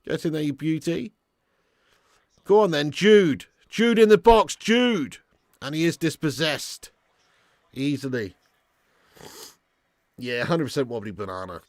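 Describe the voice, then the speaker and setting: A man's voice: a little high, expressive, a little slow, long pauses, dry recording, studio quality. A man hosting a live football watch-along, talking in sweary, laddish banter and laughing often as he commentates and chats with viewers. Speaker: live stream host.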